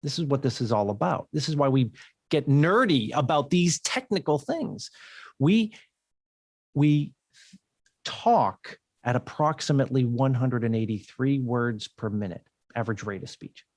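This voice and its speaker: An American man talking as a guest on a business podcast, explaining speech communication in an easygoing, chatty way. His voice sits at a middle pitch and sounds dry and close to the mic. He often stops and restarts his phrases. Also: lively intonation, measured pace, darkish tone, no echo. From United States. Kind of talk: casual interview conversation.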